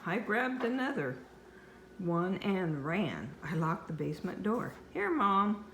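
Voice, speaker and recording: An older woman reading a children's book aloud at home in a slow, expressive storyteller manner. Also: lowish voice, a little hiss or hum. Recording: echoey room with faint ambience.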